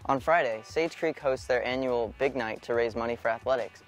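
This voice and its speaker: A teenage boy reading sports and school announcements from a script in a plain, even voice. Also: mid-range voice, a little fast, faint music behind. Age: teens. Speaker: sports reporter.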